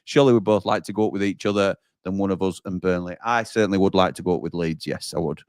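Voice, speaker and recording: Low-voiced host reading comments. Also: male voice, quick pace, darkish tone, smooth, no echo, studio quality. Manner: reads out viewer comments, chatty banter. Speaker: watchalong host. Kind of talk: live football watchalong chat.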